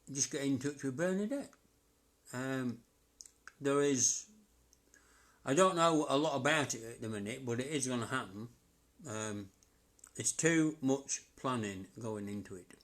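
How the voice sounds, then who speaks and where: A psychic medium's medium-pitched, fairly bright voice carries his casual live-stream chat, which wanders and stalls as he chuckles to himself.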